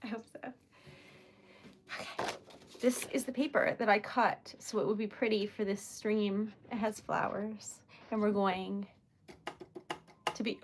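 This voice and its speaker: A woman's voice: mid-range voice, little pitch movement, unhurried, pauses often. A young woman hosting a casual livestream, chatty and giggly, often laughing and apologizing. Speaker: typewriter shop owner and stream host.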